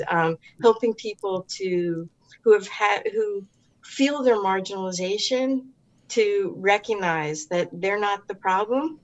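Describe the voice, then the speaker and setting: A woman speaking as an interview guest and author, earnest and reflective, often pausing to search for words. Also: mid-range voice, highs cut off. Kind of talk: casual interview.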